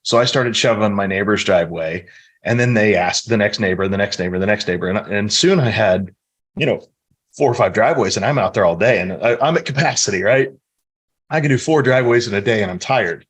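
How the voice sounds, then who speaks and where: Low-voiced middle-aged man telling stories. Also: brisk, husky. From American Midwest. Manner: earnest, storytelling, reflective. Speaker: podcast guest. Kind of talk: casual podcast interview.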